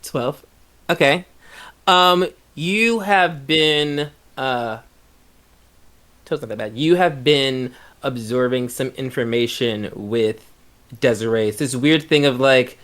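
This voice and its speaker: A man's voice: medium pitch, slow pace, fairly bright tone. A man running a tabletop game as game master, talking in a loose, rambling, jokey way.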